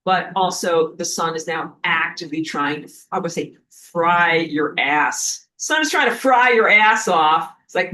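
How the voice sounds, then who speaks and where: Animated woman teaching a spiritual lesson. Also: fairly low pitch, a little slow, hardly any pauses. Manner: animated, dramatic, stops to find her place. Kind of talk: casual spoken lesson.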